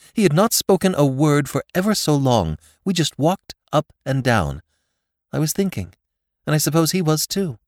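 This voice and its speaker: A man's voice: on the high side, a little mellow, dry recording, studio quality, voice pushed up. Man voicing a timid, frightened young woman.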